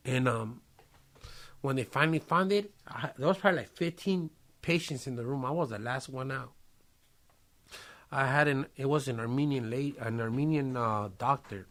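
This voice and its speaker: A man's voice: mid-range voice, moderate pace. A man casually telling a long personal story in a podcast studio, cursing often and using street slang. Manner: profane, streetwise slang, lively retelling with quoted voices.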